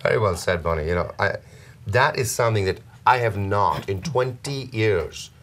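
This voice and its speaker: A man's voice: fairly low pitch, expressive, moderate pace, a bit bright. A man co-hosting a talk show, speaking emphatically and building his points into lists. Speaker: co-host, accredited representative.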